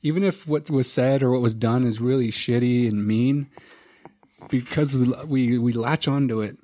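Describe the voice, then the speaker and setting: Mellow man musing aloud. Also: mid-range voice, moderate pace. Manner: musing, thoughtful opinions. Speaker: group conversation participant. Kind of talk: casual group conversation.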